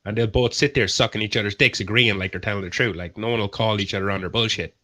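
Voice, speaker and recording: A man's voice: lowish voice, steady tone, fast, sharp tone. A man on a livestream panel talking crudely and at length, acting out people he mocks. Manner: crude, rambling, acts out people in mocking voices. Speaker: panel member on a livestream chat show. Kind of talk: casual chat.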